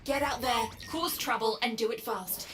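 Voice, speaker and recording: A woman voicing a brisk, commanding resistance handler. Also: a little high, over music, lightly acted. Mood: urgent. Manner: clipped, commanding briefings.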